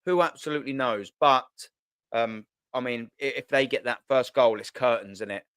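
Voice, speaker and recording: A man's voice: mid-range voice, normal speed, fairly bright tone, clean tone, no room sound. A man hosting a casual football chat stream, rambling and cheeky, swearing freely. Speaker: host.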